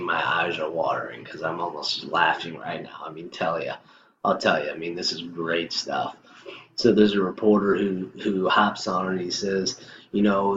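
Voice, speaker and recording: A man's voice: low-pitched, fairly bright tone. A male host giving casual, emphatic political commentary, ranting with many ums and uhs, recorded in an echoey room with a lo-fi sound. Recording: echoey lo-fi room, faint noise.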